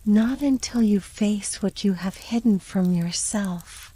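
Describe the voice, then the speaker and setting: A woman voicing an ancient, wise, unseen river spirit in a slow, hushed whisper, as whispered role-play. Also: medium pitch, a little hiss or hum, lightly acted, poor audio. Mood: solemn.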